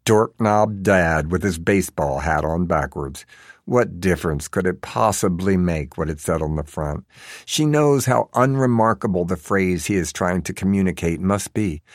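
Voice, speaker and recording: A man narrates a novel with a wry, sardonic edge. His voice is very low and gravelly, recorded dry and close with no room sound. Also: animated, normal speed, dry recording. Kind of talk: audiobook narration.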